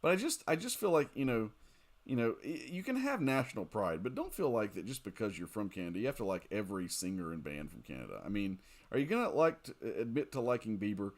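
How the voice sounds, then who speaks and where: Lively, joking male game streamer. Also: fairly low pitch, fast talker. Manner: chatty and joking, reads and answers viewer comments, laughs often. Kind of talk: casual live-stream chat while playing.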